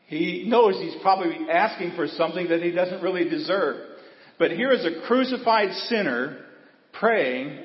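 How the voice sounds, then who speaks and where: A man, a pastor preaching an earnest sermon with folksy asides in a church. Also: high-pitched. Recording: dull, echoey church with long reverb.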